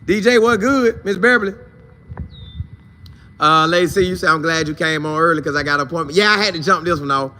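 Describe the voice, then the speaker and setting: A man hosting a casual sports talk live stream, shouting out viewers by name in loose, slangy, animated talk. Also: on the high side, a little fast, slight background noise.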